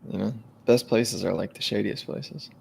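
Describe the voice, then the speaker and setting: A man with a heavily gravelly, husky voice chimes in on a podcast with short, low-key remarks. He pushes back mildly and keeps it brief. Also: normal speed, darkish tone. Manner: brief interjections, mild objections. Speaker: podcast co-host. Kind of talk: casual chat.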